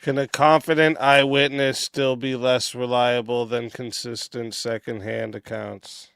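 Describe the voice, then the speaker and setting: A man's voice: mid-range voice, level tone, measured pace, creaky, a bit bright, clear, resonant tone, no echo. A man moderating a live-stream debate, reading prompts out and announcing the rules to chat. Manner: reads prompts evenly, then hypes chat.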